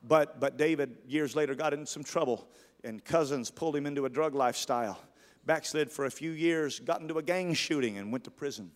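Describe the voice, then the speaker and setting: A man preaching a sermon as a pastor, telling a story with passion and building to near shouts. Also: a little high, fairly quick, in a large hall. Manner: impassioned, rising to near shouts.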